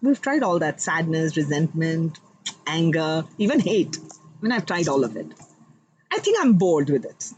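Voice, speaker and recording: A woman giving a live tarot reading, speaking warmly and directly to her viewers with affirming spiritual encouragement. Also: low voice, very animated, a little slow, a little hiss or hum, poor audio. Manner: chatty, addresses viewers directly. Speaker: tarot card reader.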